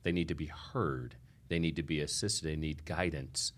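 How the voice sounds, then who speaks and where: A man hosting a podcast interview, asking questions in a measured, earnest way. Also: extremely low pitch, fairly even intonation. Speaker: podcast host.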